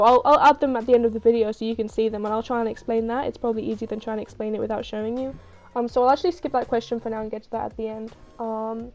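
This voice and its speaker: A woman with a cold, breathy and scratchy-throated, chatting casually as she answers viewer questions over gameplay. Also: a little high, mellow, lo-fi sound. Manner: chatty, lots of ums and restarts. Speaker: gaming video creator.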